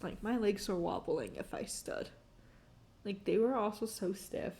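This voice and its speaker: A woman's voice: mid-range voice, sing-song, a little slow, gravelly, dark tone. A young adult woman telling a story in a casual, rambling way, laughing often and filling her talk with "like" and "um" while she streams.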